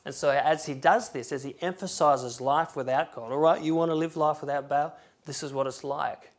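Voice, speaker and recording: A man preaching a sermon in a church, reading scripture aloud with emphatic swings from loud to soft. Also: a little high, moderate pace. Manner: emphatic, rising and falling loudness, reads scripture aloud.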